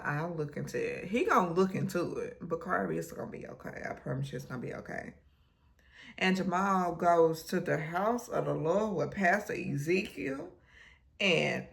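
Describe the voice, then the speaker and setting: A woman, recapping a TV episode in casual, animated storytelling, acting out the characters' lines. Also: fairly low pitch, vocal fry. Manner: animated storytelling, acts out quotes. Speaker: recap vlogger.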